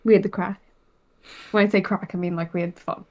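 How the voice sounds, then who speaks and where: A woman's voice: mid-range voice, fairly even intonation, a little fast, darkish tone, low-quality recording. Young Irish woman, podcast host, rambling casual chat, loose and filler-heavy. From Ireland. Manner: chatty, rambling, many fillers.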